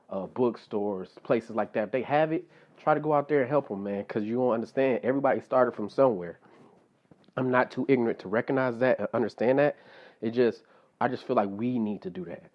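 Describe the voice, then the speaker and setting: A man hosting his own podcast, talking casually on his own, stuffed up and a little out of breath, repeating himself and filling pauses with "like" and "you know". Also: lowish voice, dull audio. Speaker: podcast host. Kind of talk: casual solo podcast monologue.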